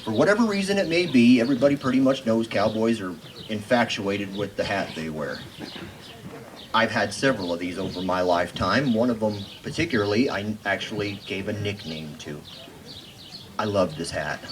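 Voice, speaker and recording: A man's voice: on the low side, slight background noise. A middle-aged man, telling stories and reciting cowboy verse on stage in an easygoing, chatty way. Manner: folksy, easygoing, chatty with the crowd. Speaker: cowboy poet.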